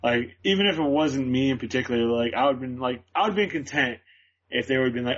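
A man's voice: mid-range voice, brisk, breathy edge. A young adult man answering interview questions casually, hesitant, with many fillers and restarts. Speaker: guest. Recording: dull lo-fi recording.

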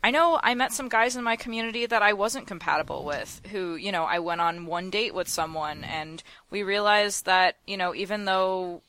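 A woman co-hosting a casual podcast, giving thoughtful, measured advice with frequent fillers. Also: mid-range voice, bright, forceful tone, a little hiss or hum. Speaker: podcast co-host.

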